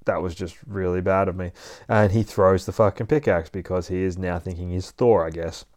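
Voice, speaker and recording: A man's voice: low voice, steady tone, normal speed, darkish tone, no room sound, clean studio sound. A man hosting a comic book podcast, recapping a comic in a casual, profane, chatty way and adding his own sound effects. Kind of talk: casual comic read-through.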